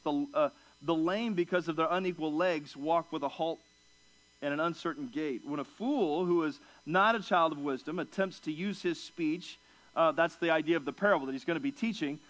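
A man preaching an expository sermon, moving from quiet asides to raised, emphatic passages and acting out the people he quotes. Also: brisk, low-quality recording. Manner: emphatic, swings from low asides to raised, excited delivery; acts out quoted speakers in pitched-up voices.

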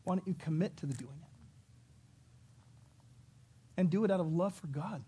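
A middle-aged male pastor with a fairly high voice delivers a lively sermon. He acts out little scenes and jumps into sudden loud shouts. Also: fast, breathy edge.

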